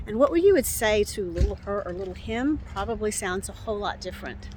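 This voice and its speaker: A woman in her sixties giving gentle, encouraging self-help advice outdoors on a bright day, often repeating herself and restarting phrases. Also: medium pitch, lively intonation, brisk, slight background noise. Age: 60s. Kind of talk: casual instructional talk to camera.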